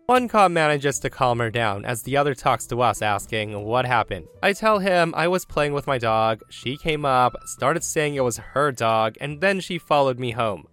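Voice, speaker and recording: A man narrating online stories with his own commentary, reading in a lively way that lifts for emphasis. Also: medium pitch, moderate pace, hardly any pauses, clean tone, soft background music.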